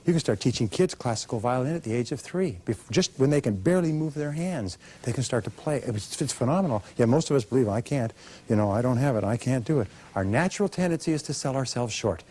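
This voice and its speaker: A man's voice: medium pitch, dark tone. A man giving a motivational seminar speech, emphatic and coaching the audience to repeat after him. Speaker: motivational speaker. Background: audience repeating lines.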